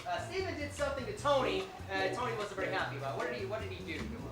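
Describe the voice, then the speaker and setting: Lively woman hosting live improv. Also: medium pitch, racing. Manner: loud, joking, laughing with the audience. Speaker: improv show host. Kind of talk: live comedy emceeing. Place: comedy club stage with live audience. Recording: echoey club, distant mic, crowd and music. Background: audience laughter and music.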